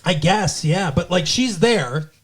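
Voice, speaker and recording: A man's voice: high voice, lively intonation, slow pace, slightly rough. A man co-hosting a podcast, recapping a TV episode in a rambling, casual way with lots of fillers and swearing. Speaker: podcast co-host.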